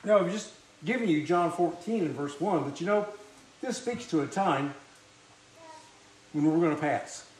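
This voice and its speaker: A man delivers a sermon in a high voice, asking his congregation questions as he goes. He coughs now and then and keeps clearing his throat. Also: animated, normal speed, pauses often, a little mellow, a little hiss or hum. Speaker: preacher.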